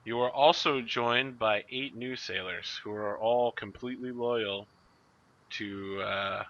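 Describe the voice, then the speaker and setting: A man narrating a tabletop game as game master, briskly and playfully, in a muffled lo-fi recording. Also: medium pitch, fairly even intonation, fairly bright tone.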